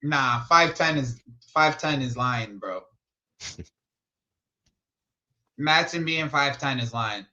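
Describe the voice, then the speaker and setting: A young man hosting a football watch-along stream, chatting casually in an animated, slangy way and laughing often. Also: medium pitch, slow, long pauses, muffled recording. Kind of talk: casual live commentary chat.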